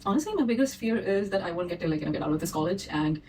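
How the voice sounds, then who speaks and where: A woman's voice: on the low side, animated, very fast, darkish tone, far from the mic, slight background noise, poor audio. A young college student woman, answering viewer questions in a casual, rambling, self-deprecating way while she has a cold. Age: young adult. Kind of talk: casual Q&A vlog. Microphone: phone.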